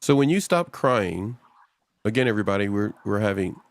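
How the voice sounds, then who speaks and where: Low, gravelly-voiced male talk show host. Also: lively intonation, moderate pace, no echo. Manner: rambling, addresses the audience directly. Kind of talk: casual talk show discussion.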